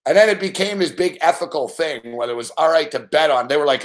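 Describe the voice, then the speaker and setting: A man hosting a live late-night sports betting show, telling stories in a profane, animated way with mock shouted outbursts. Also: a little high, fast talker.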